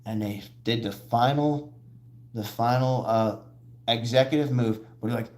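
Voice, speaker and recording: A man hosting a live show, talking in rambling, excitable casual commentary and acting out quoted voices as he goes. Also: medium pitch, a little slow.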